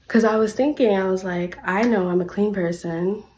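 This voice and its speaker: Young woman vlogger, storytime monologue, chatty and profane, loud rants and hushed asides. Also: normal speed, slight background noise. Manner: chatty, animated, heavy use of "like", swears freely; swings between loud ranting and low, quiet asides. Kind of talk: casual storytime vlog.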